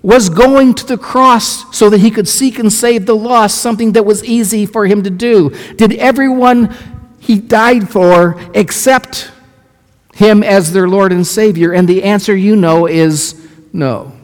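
A male pastor with a high-pitched voice preaches at a measured pace, questioning his congregation and telling lively stories full of acted-out quotes. The recording carries a long hall reverb.

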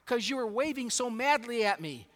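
Brief: wary young boy caught out, as a preacher voices him, halting replies, reverberant hall. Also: very high voice, animated, a bit bright, voice pushed up. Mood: timid. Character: timid young farm boy, shy and wary.

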